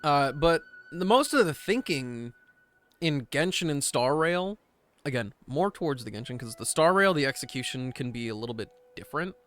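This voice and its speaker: A man's voice: on the high side, lively intonation, normal speed, a bit bright, soft background music. A man streaming a game and chatting casually, a rambling, self-deprecating overthinker. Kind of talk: casual gaming stream chat.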